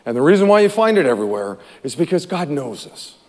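Animated high-voiced pastor preaching. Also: male voice, fast, in a large hall. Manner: animated storytelling with repeated phrases. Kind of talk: sermon.

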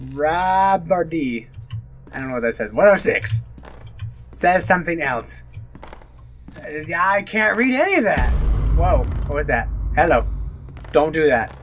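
Jumpy, animated gaming host. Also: male voice, a little high, measured pace, pauses often, faint music behind. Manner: jumpy, exclaiming and joking at the screen. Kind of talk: horror let's play commentary.

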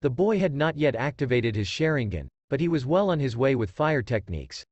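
A man narrating a fan fiction story in a steady storytelling read. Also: medium pitch, a little fast, dry recording, muffled recording. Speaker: story reader.

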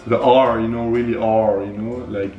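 A man's voice: on the low side, fairly even intonation, normal speed, dull audio, crowd noise. A man guesting on a vlog, chatting casually, laughing often and singing lyrics in put-on accents. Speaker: guest vlogger. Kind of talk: casual chat, accent challenge. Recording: echoey room, faint music.

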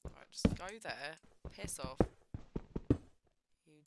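A woman's voice: low-pitched, expressive, slow, creaky. A young woman giving nervous, jumpy commentary while playing a video game at home, talking to herself and swearing. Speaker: gaming streamer. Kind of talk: casual gameplay commentary. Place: home room at a computer. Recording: loud background noise.

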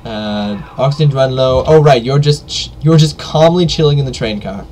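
A man giving joking live commentary while playing a game, yelping and shouting during fights. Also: medium pitch, moderate pace, a little hiss or hum. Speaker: let's play gamer.

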